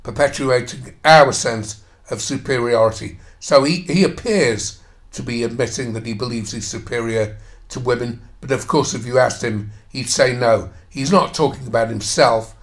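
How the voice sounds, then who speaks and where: A man's voice: mid-range voice, normal speed. Angry, sarcastic male commentator with a mid-range voice who swears constantly and tears into quoted passages. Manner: reads quoted passages, then mocks them. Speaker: commentator reacting to an article. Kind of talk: ranting commentary on a read-aloud article.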